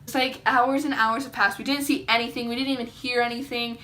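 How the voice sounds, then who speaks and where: A young woman vlogging to camera, telling a story in a chatty, excitable way with lots of "like" and dramatic reactions. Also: on the high side, brisk. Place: indoors at home, seated.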